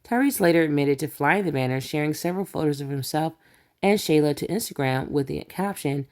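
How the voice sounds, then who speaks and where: A woman's voice: sits low, lively intonation, brisk, darkish tone. A woman hosting a celebrity gossip channel, reading news quotes aloud and breaking off with sarcastic asides in a casual commentary style.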